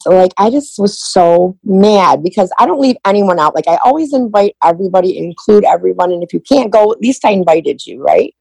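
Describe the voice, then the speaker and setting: A woman's voice: medium pitch, lively intonation, brisk, vocal fry, few pauses, a little mellow, no room sound, poor audio. A middle-aged woman as a podcast guest, telling a personal story with candid emotion and often acting out past conversations.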